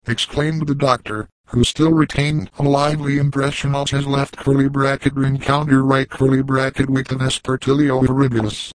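A man reads a classic novel aloud in an even, formal storytelling manner. His voice sits in a middle range, and the recording is close and dry, with no room sound. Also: medium pitch, normal speed, few pauses, dry recording, poor audio. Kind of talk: audiobook narration of a classic novel.

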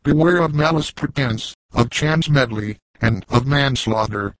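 A pompous male naturalist doctor blusters in long, wordy speeches, as a man reading the story puts him on. The voice sits at a middle pitch. The sound is dry and close. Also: unhurried, dry recording, lightly acted, low-quality recording. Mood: blustering.

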